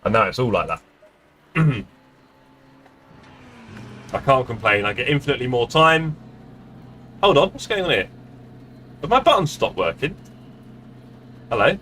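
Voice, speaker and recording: A man in middle age chats away to his stream viewers at a home gaming desk. His voice is bright and forward, his manner loose, rambling and self-deprecating. A faint air-conditioning hum sits underneath. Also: mid-range voice, big pitch swings, a little slow, pauses often. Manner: chatty, self-mocking, rambling asides to chat. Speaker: sim racing streamer. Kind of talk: casual live-stream chat. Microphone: desk streaming mic.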